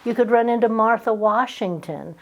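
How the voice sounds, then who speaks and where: A woman's voice: fairly high pitch, moderate pace, highs cut off. A woman from Virginia with a slight Southern accent, giving a conversational sermon talk and telling personal stories. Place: church.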